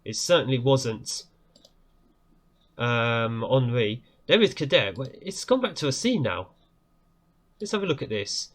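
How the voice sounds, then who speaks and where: An excitable man commentates on a football management game in a loose, chatty way, quick to exclaim and laugh at what he sees. His voice sits at an ordinary middle pitch. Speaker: gaming YouTuber.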